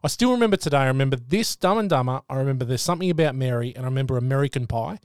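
A man's voice: medium pitch, expressive, very fast, darkish tone, smooth, no echo, clean studio sound. A man hosting a casual, enthusiastic film chat. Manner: enthusiastic, chatty. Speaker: podcast host.

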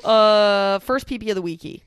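A woman's voice: medium pitch, normal speed, clear, resonant tone, dry recording, studio quality. A woman co-hosting a podcast in casual chat, playful and teasing, often giggling. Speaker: podcast co-host. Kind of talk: casual chat, reading listener reviews.

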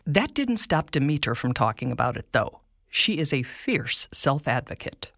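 A woman co-hosting a podcast, narrating scripted segments in an expressive storytelling manner. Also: rumbling low, normal speed, dry recording, studio quality. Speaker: podcast co-host.

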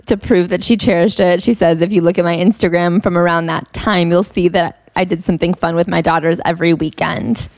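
A woman's voice: lowish voice, brisk, few pauses, dry recording. A young woman co-hosting a podcast, reading passages aloud and making dry, mocking remarks. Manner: dry, mocking, reads quotes flatly. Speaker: podcast co-host. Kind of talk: casual chat reading from a book.

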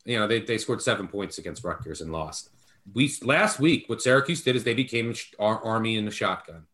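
Man, podcast co-host, low pitch, sharp bright tone, emphatic casual betting chat. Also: fairly quick. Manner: emphatic, jokingly apologetic.

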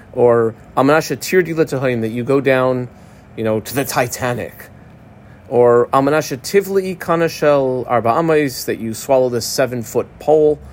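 A man's voice: medium pitch, a little hiss or hum. A man teaching a Talmud lesson in a casual, chatty way, explaining and translating terms with many fillers and restarts.

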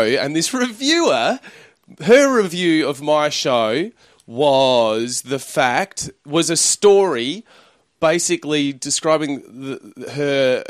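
A man's voice: mid-range voice, no room sound, studio quality. A man, a comedian rambling through anecdotes in casual chat and laughing often. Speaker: comedian guest.

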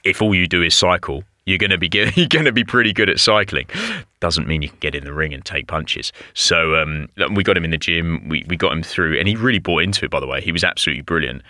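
A man, a fitness coach, telling animated stories in a casual podcast chat and laughing often. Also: deep voice, fast, hardly any pauses, no room sound, studio quality. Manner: animated storyteller, laughs often, says "mate" and "like".

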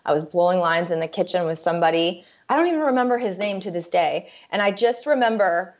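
A woman with a lowish voice tells her own story to an interviewer in a candid, halting way, stopping and restarting as she goes. The recording sounds dull and lo-fi. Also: animated, a little hiss or hum. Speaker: guest telling her recovery story.

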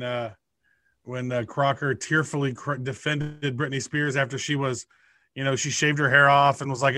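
A man's voice: medium pitch, sharp tone, dry recording. A man co-hosting a podcast, chatting in a brash, crude, joking way. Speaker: podcast co-host. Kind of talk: casual chat.

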